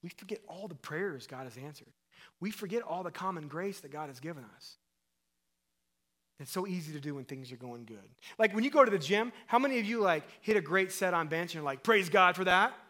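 A man preaching a sermon as pastor, asking his listeners questions and acting out quoted voices, swinging between loud emphatic calls and quiet low passages. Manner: acts out quoted voices and asks the crowd questions.

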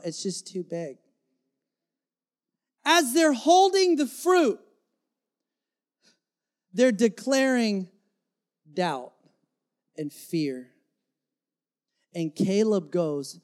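Slow, emphatic male pastor preaching. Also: sits high, very animated, a little mellow. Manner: dynamic, emphatic preaching with acted-out quotes. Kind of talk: sermon. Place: church before a congregation.

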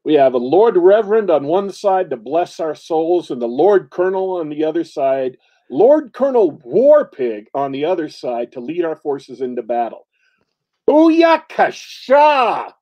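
A man's voice: on the high side, lively intonation, moderate pace, hardly any pauses, warm tone. A man co-hosting a casual chat, rambling, laughing often and restarting his sentences. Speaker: podcast co-host. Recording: lo-fi, dull sound.

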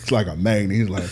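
There is slight background noise as a man with a lowish voice co-hosts a podcast, chatting casually. He tells animated stories, laughs often, and acts out the things people said.

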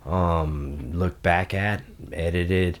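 Man, very low voice, loose profane storytelling, podcast guest. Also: fairly even intonation, very slow. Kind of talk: casual storytelling.

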